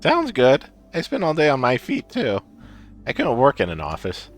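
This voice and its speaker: A man's voice: medium pitch, wildly swooping pitch, moderate pace, soft background music. A man voicing a friendly townsperson in a game stream, easygoing and chatty. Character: friendly male townsperson who loves walking.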